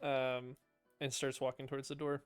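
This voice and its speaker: A man's voice: mid-range voice, completely flat delivery, normal speed, soft background music. A man running a tabletop game as game master, narrating with playful asides and frequent laughter.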